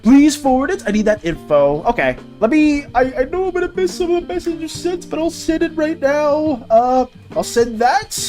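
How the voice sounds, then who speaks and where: An art streamer talking casually with viewers on a live stream. The pitch jumps around animatedly as they read chat messages aloud and reply to them. Soft music plays faintly underneath. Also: sing-song, moderate pace, hardly any pauses.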